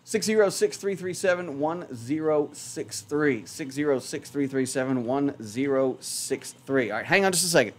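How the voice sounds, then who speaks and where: Lively, chatty male radio host. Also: on the high side, normal speed, few pauses. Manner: rambling, self-mocking, chatty. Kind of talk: casual radio chat. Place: radio studio.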